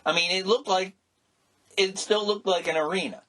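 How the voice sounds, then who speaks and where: A middle-aged man co-hosting a casual podcast, rambling and animated, with many restarts and exclamations. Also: sits high, normal speed. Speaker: podcast co-host. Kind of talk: casual chat.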